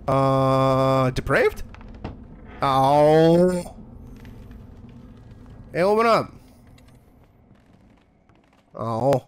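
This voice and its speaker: A man's voice: fairly high pitch, clear, resonant tone. A young man streaming a horror game, joking, sarcastic and profane. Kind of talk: profane let's play commentary.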